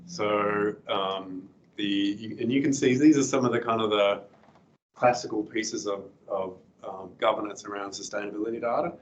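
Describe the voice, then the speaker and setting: A middle-aged man giving a guest lecture with slides, hoarse and clearing his throat, speaking haltingly with many fillers and restarts. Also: fairly low pitch, fairly even intonation, highs cut off.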